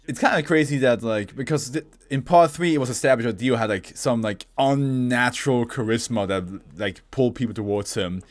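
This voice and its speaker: A man hosting a casual anime reaction, animated and profane. He laughs often and bursts into shouting. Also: mid-range voice.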